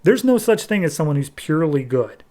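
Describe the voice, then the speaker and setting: Man quoting a cocky teenage boy hero, a little higher. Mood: defiant. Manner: excited, slangy, talks fast in bursts. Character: brash thirteen-year-old boy turned superhero. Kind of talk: casual retelling of a comic with quoted voices.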